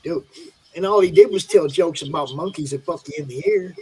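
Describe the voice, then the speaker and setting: A man hosting a live stream, chatting casually and loudly with friends, laughing often. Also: on the high side, brisk, a little hiss or hum, low-quality recording. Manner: loud, laughing banter. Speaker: stream host. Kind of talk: casual chat.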